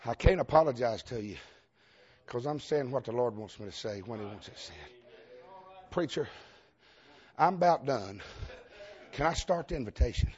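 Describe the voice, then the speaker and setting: A man's voice: mid-range voice, animated, normal speed, pauses often, a little mellow, lo-fi sound. A man with a Southern US accent preaching a fervent revival sermon in a church, repeating himself and calling out to the congregation. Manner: fervent, repetitive, calls out to the congregation.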